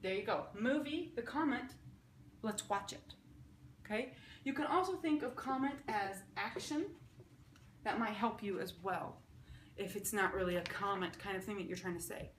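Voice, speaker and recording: A woman in an ordinary middle pitch gives a casual, upbeat lesson and walks through each example step by step. She keeps checking in with her viewers as she goes. The room is echoey, with faint noise in the background. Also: moderate pace. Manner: upbeat, explains step by step, often checks with "okay?". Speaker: sign language teacher. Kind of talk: casual teaching at a whiteboard.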